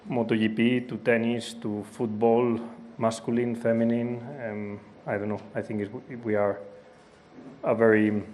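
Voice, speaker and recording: A Spanish-accented man answers at length in a composed, articulate way. His voice is on the low side and stays quite level in pitch throughout. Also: a little mellow, a little hiss or hum. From Spain. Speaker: racing driver. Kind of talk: press conference answer. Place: press conference room.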